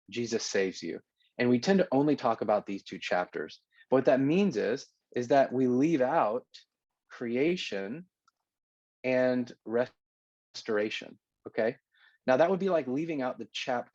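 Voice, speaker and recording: A man's voice: medium pitch, darkish tone, dry recording, highs cut off. A man teaching a recorded lesson in a conversational way, often checking in with "okay?". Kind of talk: recorded lecture.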